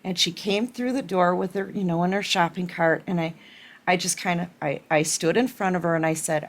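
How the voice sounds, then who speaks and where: A woman's voice: on the low side, normal speed, a bit bright. Earnest woman giving a spiritual pep talk. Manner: earnest, repeats herself, checks in with "okay?". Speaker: tarot reader.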